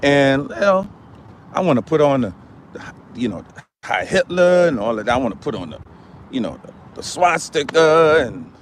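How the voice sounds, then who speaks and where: A man playing a boastful, hot-tempered man who rants on a live stream, swinging from muttering to yelling. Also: medium pitch, very animated, moderate pace, slight background noise, lightly acted. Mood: scornful. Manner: ranting, repetitive, swinging from mutters to yells. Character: loud boastful ranting man, quick to anger.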